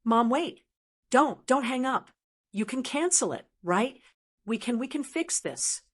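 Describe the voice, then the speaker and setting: A man's voice: very high voice, animated, measured pace, a bit bright, husky, pitched above the performer's own voice, full character voice. A woman voicing a panicky, self-centred grown son who sputters and stammers. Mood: pleading.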